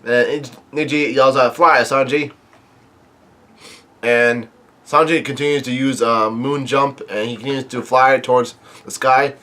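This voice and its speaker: A man talks through a comic chapter as a casual reviewer, at a middling pitch. He stumbles and restarts often, filling gaps with fillers as he recounts the story. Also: fairly even intonation, a bit bright. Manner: halting, many fillers and restarts. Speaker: manga reviewer.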